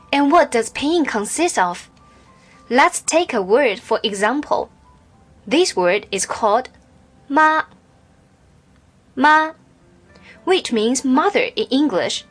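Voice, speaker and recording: Slow, careful woman teacher. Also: on the high side, very animated, faint music behind. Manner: slow, careful, demonstrating each tone clearly. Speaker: Chinese language teacher. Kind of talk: scripted lesson narration.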